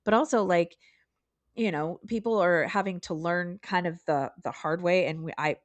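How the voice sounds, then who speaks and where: A woman's voice: fairly low pitch, normal speed, dry recording, lo-fi sound. A woman co-hosting a podcast, talking earnestly and emphatically in casual political discussion. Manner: earnest, emphatic, pleading at times. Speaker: podcast co-host.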